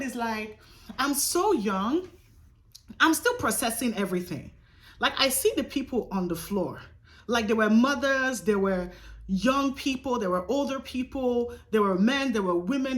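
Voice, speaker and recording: A young woman vlogger telling a dramatic personal story in a casual, emphatic way, swearing freely. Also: medium pitch. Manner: animated, profane, emphatic retelling.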